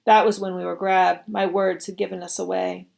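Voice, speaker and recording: A woman reading a story aloud at a service, with an expressive, measured storytelling manner. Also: on the low side, creaky. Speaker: reader.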